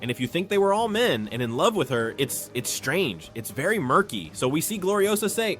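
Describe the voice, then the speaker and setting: A man giving a chapter recap as a manga commentator, opinionated and quick to scoff at fan theories. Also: mid-range voice, sing-song, a bit bright, faint music behind.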